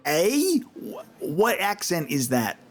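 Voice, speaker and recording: Male streamer, playful and giggly, narrates a blind playthrough, mid-pitched. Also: lively intonation, a little slow. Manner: playful, laughs often, reads dialogue aloud. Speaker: gamer. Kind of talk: playthrough commentary.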